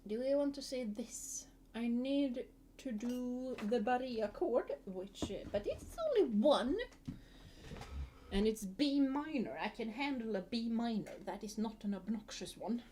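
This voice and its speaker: A young woman chats away in a mellow, unhurried voice, laughing often as she rambles. Her colors every word, and a faint hiss sits under the close mic. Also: on the high side, animated. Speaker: vtuber streamer. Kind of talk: casual chat to a live chat.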